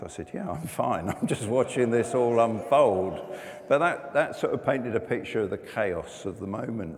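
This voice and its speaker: Deep gravelly preacher in a reverberant hall. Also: male voice, a little mellow. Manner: earnest, conversational, with pauses and restarts. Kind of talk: sermon with personal story.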